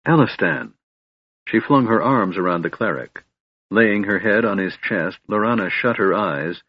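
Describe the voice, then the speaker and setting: Low husky male audiobook narrator. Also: no echo. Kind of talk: scripted fantasy narration. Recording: dull dry recording.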